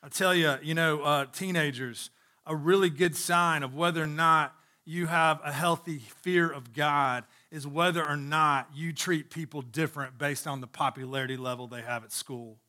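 A man's voice: fairly high pitch, fairly even intonation, moderate pace, bright, forceful tone. A man preaching a sermon to his congregation as pastor, speaking emphatically, repeating phrases for stress, and addressing listeners directly.

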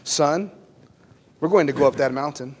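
A man voicing an aged patriarch father, speaking gently and solemnly to his son. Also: on the high side, moderate pace, natural voice. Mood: tender. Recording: long hall reverb, faint noise.

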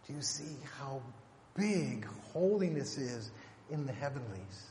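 Brief: male preacher, emphatic sermon delivery, drawn-out scripture quotes, reverberant sanctuary sound. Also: medium pitch, expressive, a little mellow. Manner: emphatic, rhetorical questions, slows for scripture. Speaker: pastor. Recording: echoey hall, faint room noise.

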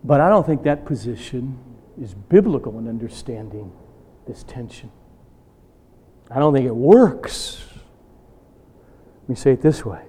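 A man preaching a sermon, asking rhetorical questions and swinging between loud emphatic bursts and hushed asides. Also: medium pitch, expressive, a little slow, pauses often, breathy edge. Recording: long hall reverb.

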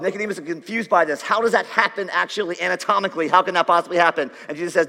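A man's voice: on the high side, lively intonation, racing, hardly any pauses, sharp tone. A male pastor giving a conversational, joking sermon to a congregation in a large church hall. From Dutch, Irish, Scottish and Jewish heritage. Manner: conversational, jokey preaching with audience asides. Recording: church hall with long reverb.

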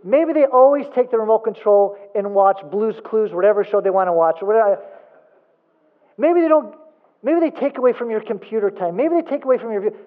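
A man's voice: high-pitched, lively intonation, a little fast. A man preaching a sermon as a pastor, emphatic, asking rhetorical questions and repeating points for emphasis. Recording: phone-like thin sound.

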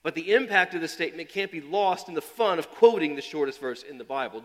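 A man preaching a sermon. His delivery swings from loud, emphatic build-ups to quiet, low asides, and he often repeats and restarts phrases. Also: lively intonation, fast talker, few pauses, long reverb tail. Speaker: pastor.

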